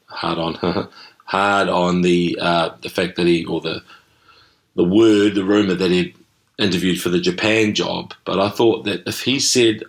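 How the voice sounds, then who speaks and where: New male podcast host, low and gravelly, loose irreverent storyteller who swears freely. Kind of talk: casual rugby podcast monologue.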